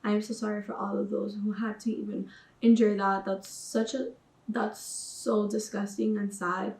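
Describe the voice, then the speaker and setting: Woman, casual vlogger, chatty, slangy, middle pitch, echoey room, distant mic. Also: little pitch movement, normal speed, darkish tone. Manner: chatty, uses slang like sis and boo-boo. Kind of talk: casual spiritual vlog.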